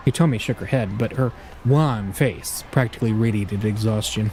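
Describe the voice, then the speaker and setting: A man's voice: lowish voice, moderate pace, few pauses, darkish tone, slight background noise. A man hosting a let's play, reading a visual novel aloud with casual, jokey asides.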